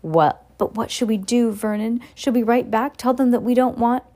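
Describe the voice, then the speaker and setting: A woman reading aloud and voicing a shrill, nervous aunt with a quivering voice. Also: fairly even intonation, moderate pace, darkish tone, lightly acted. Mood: frightened. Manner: quivering, high and anxious.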